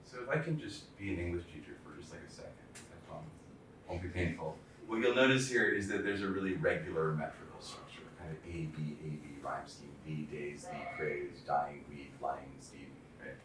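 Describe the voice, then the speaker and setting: Man, very low voice, relaxed lecturer, halting delivery, recorded far off in a very echoey room with faint hiss. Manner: loose, hesitant lecturing with many ums and restarts. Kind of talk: public talk on poetry, reading aloud.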